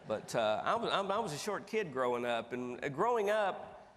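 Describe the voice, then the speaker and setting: A man from East Tennessee, telling stories as a motivational speaker in a folksy, animated way with big jumps in pitch. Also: moderate pace. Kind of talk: storytelling keynote speech. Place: large conference hall stage. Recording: long reverb of a big hall.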